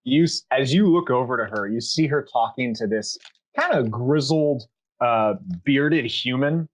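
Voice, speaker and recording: A man narrating a tabletop game as dungeon master, setting scenes in a relaxed, rambling way. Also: mid-range voice, a little slow, rough recording.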